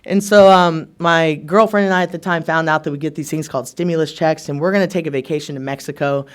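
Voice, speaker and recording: A man's voice: fairly high pitch, steady tone, quick pace, smooth. A young adult man giving a personal testimony at a recovery meeting, speaking casually with many fillers and self-deprecating humor, and acting out remembered conversations. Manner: acts out remembered conversations with shifts in tone. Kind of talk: personal testimony told to a live audience.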